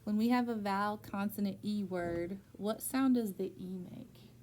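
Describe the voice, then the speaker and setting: A woman's voice: mid-range voice, normal speed, a little mellow, slight background noise. A young woman tutoring a child in phonics, patient and encouraging, guiding with questions. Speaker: reading teacher.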